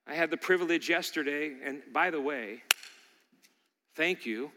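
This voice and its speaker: A man's voice: on the high side, normal speed, bright, forceful tone, long reverb tail. A male pastor preaching a sermon, emphatic and fond of repeating key lines for emphasis.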